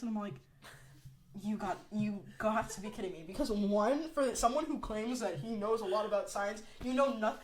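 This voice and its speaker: A woman's voice: medium pitch, normal speed. A young woman hosting a podcast, telling a story in a casual, exasperated way and saying "like" a lot. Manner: chatty, exasperated storytelling with frequent "like". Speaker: podcast host. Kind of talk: casual chat.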